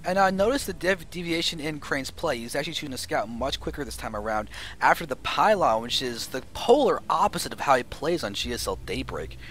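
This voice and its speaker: A man's voice: fairly high pitch, brisk, few pauses. Man, esports play-by-play, analytical, faint background hiss, headset mic. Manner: analytical, rising excitement at big plays. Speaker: esports caster. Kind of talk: play-by-play game commentary.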